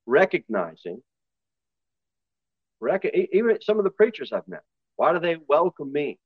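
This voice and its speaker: Northern US pastor preaching conversationally. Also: male voice, a little high, sing-song, husky, dry recording, narrow, tinny audio. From northern United States. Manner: conversational preaching with asides and quick impressions. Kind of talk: sermon.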